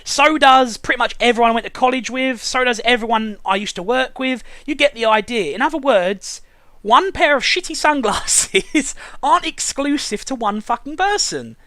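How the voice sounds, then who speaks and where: A man's voice: very high voice, expressive, moderate pace, pushed and bright, dry recording. A man hosting a casual review chat, ranting sarcastically and swearing often. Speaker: show reviewer and host.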